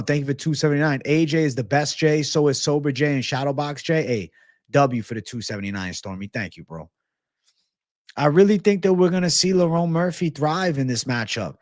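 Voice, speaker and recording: A man's voice: on the high side, no echo, studio quality. A man hosting a livestream of fight picks and betting odds, brash and profane, thanking donors and urging likes. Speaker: MMA betting livestream host.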